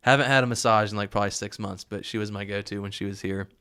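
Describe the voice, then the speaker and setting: A man's voice: on the low side, steady tone, quick pace, bright, forceful tone, smooth. A man hosting a podcast in casual interview chat, easygoing and laughing along. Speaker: podcast host.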